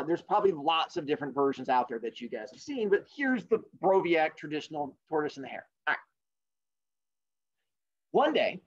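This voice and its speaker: A man hosting a podcast, telling a fable in a casual, jokey, animated way. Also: on the high side, dull audio. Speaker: podcast host. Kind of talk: casual storytelling.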